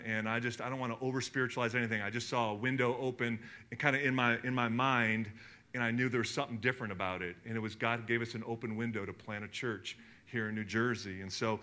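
Bright-voiced preacher telling lively stories. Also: male voice, mid-range voice. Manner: animated storytelling, emphatic swings in loudness. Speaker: pastor. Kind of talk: sermon. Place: church hall in front of a congregation.

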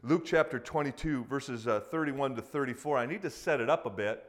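Guy preaching a sermon, super casual and animated, acts out little quotes. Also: mid-range voice, fairly quick. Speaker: pastor.

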